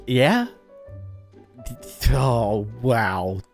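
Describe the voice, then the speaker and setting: A man doing casual reaction commentary as a YouTuber, animated, laughing and easily shocked, on a close desk mic. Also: medium pitch, extremely slow, faint music behind.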